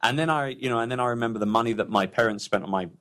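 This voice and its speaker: A man's voice: mid-range voice, rapid-fire, fairly bright tone. A man with a London English accent, chatting and joking as a podcast guest over a remote call. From England. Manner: chatty, jokey, laughs often. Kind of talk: casual interview chat.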